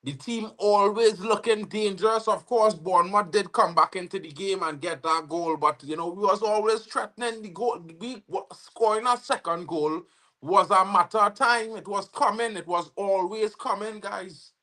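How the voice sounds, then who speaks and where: A young Trinidadian man hosting a football watch-along livestream, slangy and excitable, bursting into shouts when his team scores. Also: high voice, normal speed. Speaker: football fan livestream host. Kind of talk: live match watch-along commentary.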